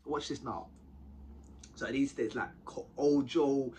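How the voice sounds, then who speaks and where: A young man telling a story to camera in a casual, animated, slang-heavy way, often tagging lines with short questions. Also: medium pitch, slow pace, a little hiss or hum. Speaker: vlogger telling a prison story.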